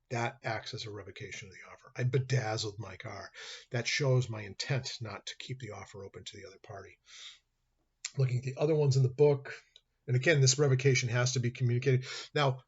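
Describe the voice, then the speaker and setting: A man's voice: medium pitch, husky. A man, a law professor, giving a conversational lecture and acting out little dialogues from his examples. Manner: acts out dialogue in hypotheticals, conversational. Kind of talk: recorded classroom lecture. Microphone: computer webcam mic. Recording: dull lo-fi webcam recording.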